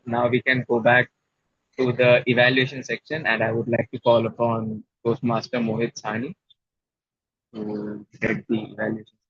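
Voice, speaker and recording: A man's voice: medium pitch, sharp tone, slightly rough, no echo, dull audio. A man giving a reflective, wry talk at an online club meeting, often correcting himself as he goes. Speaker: club speaker.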